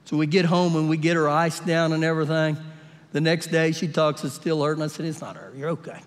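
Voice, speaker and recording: A male pastor preaching a sermon during a live church service, telling animated, humorous stories and acting out the voices in them. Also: on the high side, a little fast. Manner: animated storytelling, acts out quotes with humor. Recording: live church audio with long hall reverb.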